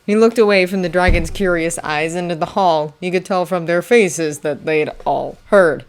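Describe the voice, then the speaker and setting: A woman narrating a fanfiction audiobook with a steady, expressive reading. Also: mid-range voice. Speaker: audiobook reader.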